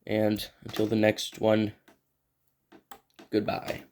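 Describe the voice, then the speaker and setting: A man's voice: lowish voice, monotone, takes it slowly, darkish tone, slight background noise. Rambling man reviewing a toy. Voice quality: clears throat often. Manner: rambling and unscripted, thinks aloud while handling a toy. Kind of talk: casual toy review vlog.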